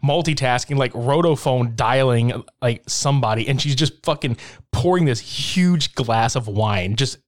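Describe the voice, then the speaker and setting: A man in casual chat, recapping a horror film with lots of swearing and laughter, acting out lines in quick impressions. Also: medium pitch. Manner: profane, laughing, acts out scenes in quick impressions. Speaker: podcast co-host recapping a film.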